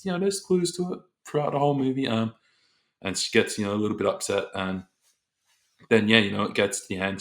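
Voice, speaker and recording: A man's voice: lowish voice, a bit bright. A young man giving a casual, rambling film review, leaning on "you know" and "like" and acting out his own reactions. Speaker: movie reviewer.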